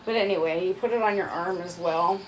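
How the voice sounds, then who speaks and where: A woman's voice: fairly low pitch, brisk, a little hiss or hum, low-quality recording. A woman chatting casually on a live stream at home, rambling and joking at her own expense while she shows off products into her phone. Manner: chatty, rambling, self-mocking. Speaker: vlogger.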